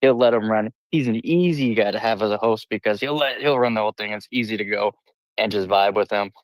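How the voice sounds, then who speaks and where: A friendly man with a slightly low voice joining a stream from work, chatting enthusiastically in crypto slang. The recording is dry. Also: brisk, dry recording, low-quality recording. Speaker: guest. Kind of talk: casual chat on a live audio stream.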